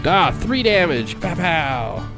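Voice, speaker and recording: A man narrating a tabletop game as game master, casual and halting, often repeating words. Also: on the high side, very animated, music in the background.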